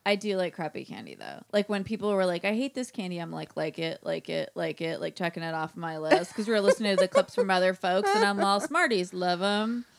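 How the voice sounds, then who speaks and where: A woman's voice: medium pitch, quick pace, vocal fry, hardly any pauses. A woman co-hosting a podcast, chatting casually and teasing her co-host while telling joking stories. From United States. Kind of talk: casual chat.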